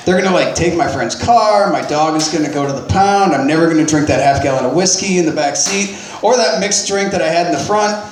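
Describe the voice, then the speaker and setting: A man with a notably high voice spins a rambling, profane story about himself. He laughs at his own mistakes and restarts his sentences often. The sound is roomy and echoey. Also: a little fast, slight background noise. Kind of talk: personal storytelling.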